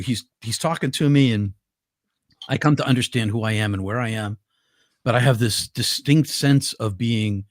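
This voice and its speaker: A man's voice: medium pitch, no echo, studio quality. An older man, a guest, earnestly telling a personal story with vivid detail and frequent restarts. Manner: earnest, vivid, with many restarts and repeated words.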